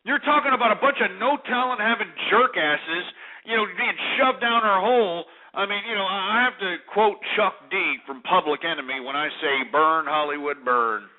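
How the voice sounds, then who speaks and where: Talk radio host, male, high-pitched, profane rambling rant, thin phone-like sound. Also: normal speed. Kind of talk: ranting talk radio monologue. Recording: tinny phone-like radio archive.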